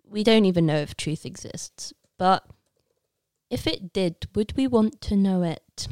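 A woman's voice: medium pitch, lively intonation, unhurried, darkish tone, no room sound, clean studio sound. A young woman from Leicester, England, chatting as a podcast guest in a playful, rambling, self-mocking way. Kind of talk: casual podcast chat.

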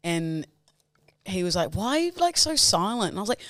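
A woman's voice: lowish voice, sing-song, brisk, dry recording. A young woman co-hosting a podcast, playful and teasing, laughing often in casual banter. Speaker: podcast co-host.

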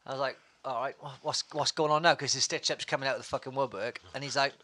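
A man telling crude stories in casual chat, swearing freely and animated. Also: medium pitch, fast talker. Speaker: guest storyteller.

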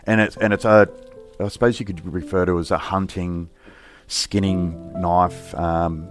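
A middle-aged man, a police officer, recounting a personal story in an interview in a halting, reflective, plain-spoken way. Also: deep voice, steady tone, faint music behind.

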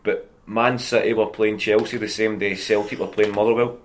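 A Scottish man in his thirties, a comedian and podcast guest, telling chatty, animated anecdotes in a casual way. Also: fairly low pitch, moderate pace. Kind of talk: casual storytelling.

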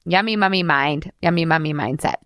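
A woman's voice: low voice, a little fast, fairly bright tone, dry recording, studio quality. A woman hosting a casual podcast monologue as a weight loss coach, chatty and giggly, casually swearing and saying "like" a lot.

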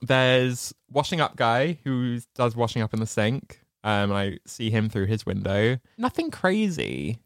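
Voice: medium pitch, big pitch swings, unhurried, hardly any pauses, dry recording, clean studio sound. A podcast co-host, telling stories in a rambling, casual way. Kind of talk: casual film chat.

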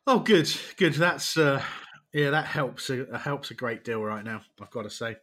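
A man's voice: mid-range voice, lively intonation, moderate pace, bright, forceful tone. A man hosting a football podcast in casual chat, wry and self-deprecating, irritable from quitting vaping. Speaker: podcast host.

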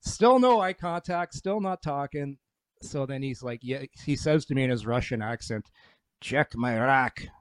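Story-telling former player, dry sound. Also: male voice, mid-range voice, normal speed, smooth, dry recording. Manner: rambling anecdotes with restarts. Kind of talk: casual chat, storytelling.

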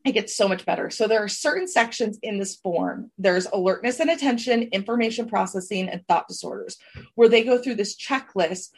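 A woman's voice: medium pitch, a little fast, husky. A woman co-hosting a gossip podcast, chatting casually and going through her notes. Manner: chatty, reads from notes with laughs. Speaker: podcast co-host.

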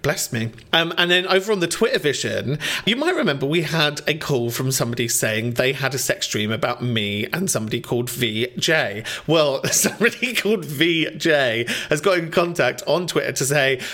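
A man's voice: medium pitch, animated, normal speed, few pauses, bright, forceful tone. A chatty man hosting a phone-in show, giggling often in casual talk. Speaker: podcast host. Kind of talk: casual chat.

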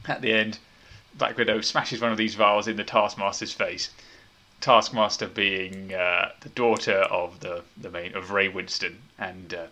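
A man's voice: fairly low pitch, steady tone, a little slow, bright, forceful tone. A man hosting a casual movie review podcast, wry and opinionated as he leads the talk. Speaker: podcast host.

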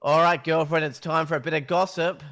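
A playful, gossipy man hosts a casual interview, his voice pitched a little high for a man. He often stumbles and restarts his words as he asks his questions. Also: fairly even intonation, a little fast, a bit bright. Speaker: podcast host.

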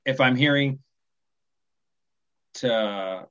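A middle-pitched man in his forties from the USA chats as a podcast guest. He talks haltingly, restarting sentences and chuckling softly. The sound is a bit muffled and lo-fi, as over a remote call. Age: 40s. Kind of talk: casual conversation.

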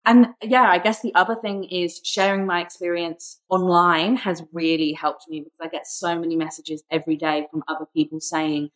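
Low-voiced young woman guest, reflective. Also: fairly even intonation, moderate pace, few pauses, a bit bright, poor audio. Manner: reflective, open, speaks of personal struggle. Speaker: podcast guest. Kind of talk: candid conversational interview.

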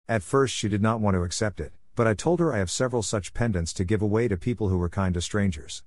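A man's voice: lowish voice, quick pace, hardly any pauses, darkish tone, dry recording, clean studio sound. Reflective man reading his column. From Philippines. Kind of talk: scripted narration.

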